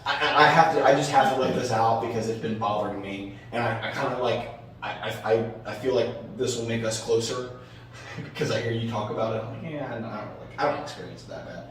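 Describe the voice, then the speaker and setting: A man co-hosting a podcast in casual chat, telling stories in an animated way, swearing casually and restarting his sentences often. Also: medium pitch, a little fast. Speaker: podcast co-host. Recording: echoey room, distant mic, background noise.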